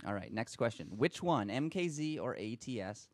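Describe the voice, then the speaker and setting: A man hosting a casual car podcast, running quick quiz rounds and joking with his panel. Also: medium pitch, sing-song, dry recording.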